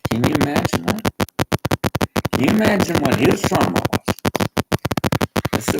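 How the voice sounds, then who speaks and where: A man's voice: on the high side, huge pitch swings, moderate pace, pauses often, loud music behind the voice, poor audio. An older man from Canada talking in a rambling, emphatic monologue, jumping from story to story. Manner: rambling, emphatic, jumps between stories. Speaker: pensioner ranting to camera.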